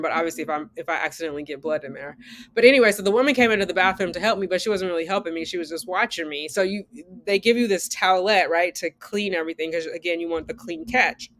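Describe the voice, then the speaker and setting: A woman in her forties telling a candid story to her viewers in a casual chat, animated, switching between loud outbursts and hushed asides. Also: lowish voice, a little fast, a little hiss or hum. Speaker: vlogger and new mother.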